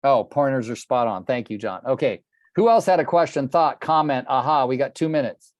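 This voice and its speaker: A man's voice: medium pitch, lively intonation, moderate pace, no room sound. An older man coaching real estate agents on a group video call, telling stories bluntly and with passion, swearing casually.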